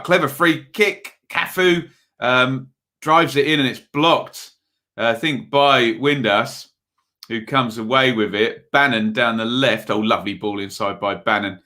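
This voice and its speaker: A man's voice: mid-range voice, unhurried, pushed and bright. Chatty man hosting a football watch-along. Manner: casual play-by-play mixed with reading viewer messages; rambling and chatty, with frequent fillers. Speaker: live stream host.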